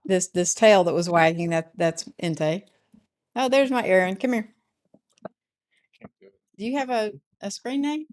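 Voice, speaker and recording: A woman's voice: mid-range voice, unhurried, long pauses, darkish tone. A middle-aged woman hosting a casual livestream from her home, chatting loosely and answering viewers' comments. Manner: rambling and chatty, often adds "right?". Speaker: livestream host reading chat.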